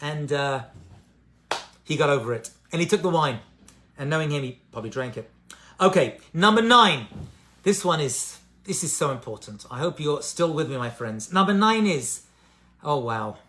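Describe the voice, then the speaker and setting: A man's voice: on the high side, animated, normal speed, bright, forceful tone. A man delivers an informal talk on addiction recovery and spiritual growth. His delivery is conversational and personal, full of "right?" and "you know." He drives his points home by repeating the key phrases. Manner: emphatic repetition of key phrases.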